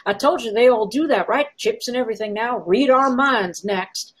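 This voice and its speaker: A woman's voice: on the high side, moderate pace. A woman doing a grumbling old barfly. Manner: gruff, grumbling. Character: grumbling cynical male barfly.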